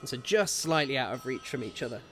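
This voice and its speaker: A man narrating as game master for a tabletop game, relaxed and full of filler sounds as he describes the scene. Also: mid-range voice, brisk, soft background music.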